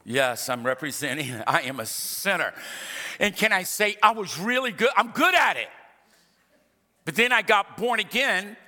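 In a high, sing-song, bright and forceful voice at normal speed, a middle-aged pastor preaches emphatically and repetitively, tossing in humorous asides. His words echo with the long reverb of a large hall.

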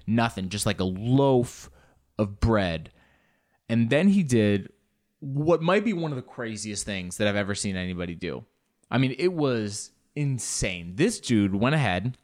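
A man telling a comic story in an animated, rambling way, swearing freely and exaggerating for laughs. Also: medium pitch. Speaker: comedian.

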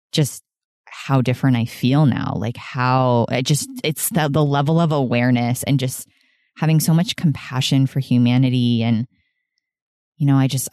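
A woman's voice: a bass voice, warm tone, no echo, clean studio sound. A woman hosting a solo podcast, talking in an earnest, rambling way, often laughing and saying "like". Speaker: podcast host.

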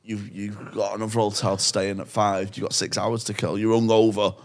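A man's voice: on the low side, flat delivery, fairly quick. Playful man, rambling banter. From England. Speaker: podcast co-host. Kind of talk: casual podcast banter.

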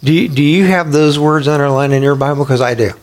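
A man preaching a sermon in a conversational, animated way, acting out quotes and prayers as he teaches. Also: a little high, fast. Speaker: pastor.

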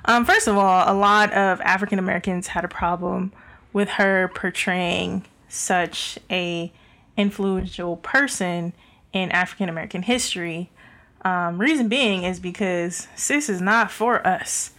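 A woman's voice: fairly low pitch, steady tone, measured pace, a bit bright. A young woman co-hosting a podcast, talking in a candid, opinionated way with many fillers and restarts. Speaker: podcast co-host. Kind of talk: casual chat. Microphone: handheld mic.

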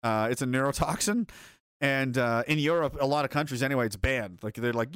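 A man's voice: medium pitch, moderate pace, a bit bright, no room sound. Rambling man, dry sound. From North America. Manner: rambling, profane, frequent chuckles and restarts. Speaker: streamer reading chat. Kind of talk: casual commentary.

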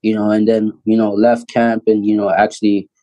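A Canadian man in his thirties, a pro basketball player guesting on a podcast, telling his story in a fast, animated way with lots of "you know" and "like". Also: lowish voice, rough recording. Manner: laughs often while telling his story. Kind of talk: casual storytelling interview.

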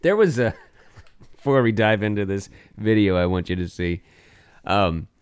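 A man's voice: lowish voice, animated, normal speed, smooth, no room sound. Joking, laugh-prone man co-hosting a podcast. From Colorado, USA. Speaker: podcast co-host. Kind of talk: casual comedy chat.

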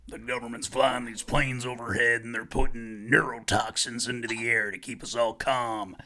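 A loud, declaiming conspiracy talk-show host rants about secret plots, as a man puts him on in casual podcast chat. The voice sits a touch higher than everyday talk and pushes forward with a broadcaster's bluster. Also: level tone, normal speed, a crowd in the background, lightly acted. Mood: ranting.

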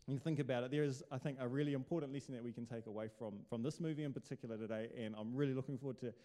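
Chatty male pastor, mellow voice, reverb. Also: medium pitch, fairly even intonation, racing. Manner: chatty, joking, rhetorical questions. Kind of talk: casual sermon. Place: church hall. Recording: long hall reverb.

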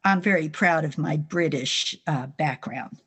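Older woman, New Jersey accent, lowish voice, earnest faith-interview guest. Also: unhurried, fairly bright tone, breathy edge. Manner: earnest, storytelling, laughs while speaking. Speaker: guest author.

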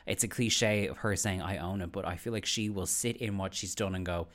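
A man's voice: low voice, a little fast, fairly bright tone. A man co-hosting a podcast, talking through ideas in a thoughtful, conversational way and asking his co-host questions. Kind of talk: casual chat.

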